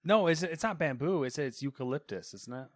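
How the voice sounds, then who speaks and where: A man's voice: on the high side, lively intonation, a little fast, no echo, studio quality. A man hosting a weekly gaming podcast, chatting loosely and trailing off mid-thought. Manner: rambling, trails off into mumbles. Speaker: podcast host. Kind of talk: casual chat.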